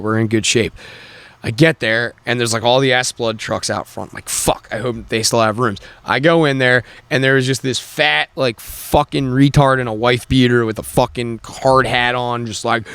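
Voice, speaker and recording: A man co-hosting a podcast, telling a rambling, profane story in casual chat and shouting when he acts out quotes. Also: mid-range voice, clear, resonant tone, dry recording. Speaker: podcast co-host.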